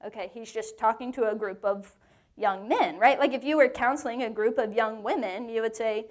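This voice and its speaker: A woman teaching a lively women's Bible study to a live group in a meeting room, with playful joking asides. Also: fairly high pitch, normal speed.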